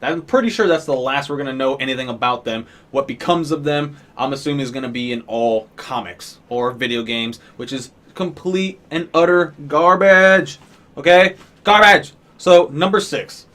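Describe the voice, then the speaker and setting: A man's voice: medium pitch, normal speed, few pauses, fairly bright tone. A man giving an exasperated, profane, sarcastic rant as a movie reviewer. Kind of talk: ranting film review.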